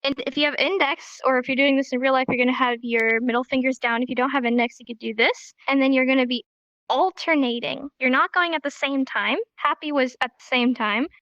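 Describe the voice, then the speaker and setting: A woman's voice: high-pitched, fairly even intonation, a little fast, fairly bright tone, no echo, muffled recording. A young woman teaching a casual sign language class, bubbly and giggly, acting out each emotion with her voice while tired and a bit sore in the throat.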